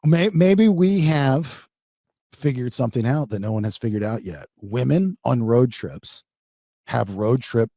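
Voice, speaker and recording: A man's voice: medium pitch, a little slow, no echo, clean studio sound. A man hosting a podcast, telling a funny story in a casual, rambling way. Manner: rambling, animated, acts out his wife in quotes. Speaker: podcast host.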